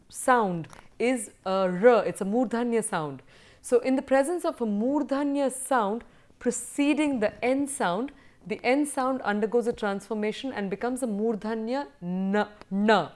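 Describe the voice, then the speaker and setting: A woman teaching a university lecture, drilling word forms and praising answers as she goes. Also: fairly high pitch. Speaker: Sanskrit teacher.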